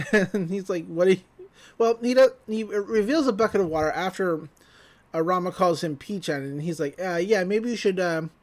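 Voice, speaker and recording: A man co-hosting a podcast, recapping an episode in casual chat, laughing often and quoting characters in quick voices. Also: high-pitched. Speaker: podcast co-host.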